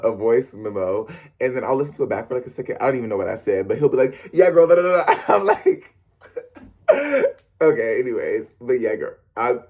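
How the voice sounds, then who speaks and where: Young man, performer, casual vlog, rambling and animated, husky, mellow tone. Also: mid-range voice. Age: young adult. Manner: fast-talking, animated, rambling with laughs and self-corrections. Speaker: stage performer and dancer. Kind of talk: casual talk to camera.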